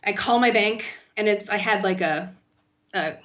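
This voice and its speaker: Woman guest, mid pitch, chatty storyteller with a lot of swearing, slightly muffled sound. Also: normal speed. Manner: animated, profane, lots of "like". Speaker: podcast guest. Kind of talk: casual storytelling.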